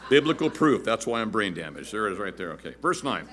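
A man in his fifties, a pastor preaching a sermon in an animated, jokey, self-deprecating way, swinging between loud and soft. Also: on the low side, quick pace, few pauses.

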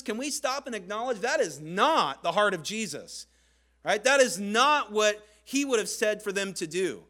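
A man with a high, bright voice preaches a sermon, moving between conversational asides and slow, deliberate emphasis. He speaks earnestly, like a pastor drawing listeners into a scene.

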